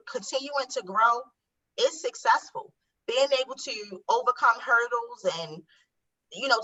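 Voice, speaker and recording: A woman's voice: on the high side, sharp tone. A woman entrepreneur, a guest in an interview, giving earnest motivational advice. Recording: somewhat distant from the mic.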